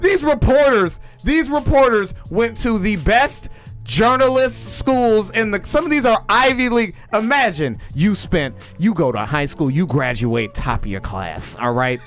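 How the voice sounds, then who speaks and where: A young man rants on a comedy podcast in a high, excitable voice that keeps rising into shouts. His talk is loose and casual and leans on filler phrases. Faint music plays underneath. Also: a little slow. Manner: excitable, ranting, peppered with "you know what I'm saying". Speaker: podcast host. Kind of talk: comic ranting podcast chat.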